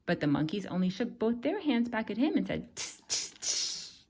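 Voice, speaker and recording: A woman reads a picture book aloud to a child. She tells it expressively, and her fairly high voice swoops up and down as she goes. It is a warm bedtime-style reading. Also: brisk, heavy background noise. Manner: expressive read-aloud storytelling.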